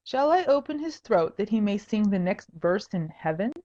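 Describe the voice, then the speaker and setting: A woman's voice: mid-range voice, big pitch swings, moderate pace, dark tone, highs cut off, natural voice. A woman voicing a blunt, ruthless male henchman in an audiobook.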